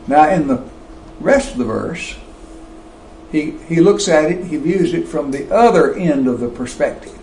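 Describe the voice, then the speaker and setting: A man preaching a sermon, slow and emphatic, with wide swings of pitch and loudness. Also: animated, echoey room, slight background noise, low-quality recording.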